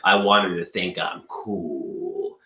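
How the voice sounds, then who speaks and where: A man's voice: deep voice, takes it slowly, bright, forceful tone, echoey room. A man rambling through an absurd comedic story, repeating himself in a mock-serious way.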